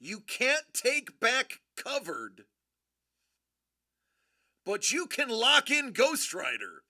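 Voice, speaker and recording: A live stream host giving excitable commentary, giddy and prone to laughing and shouting in bursts. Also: mid-range voice, very slow, no echo, clean studio sound.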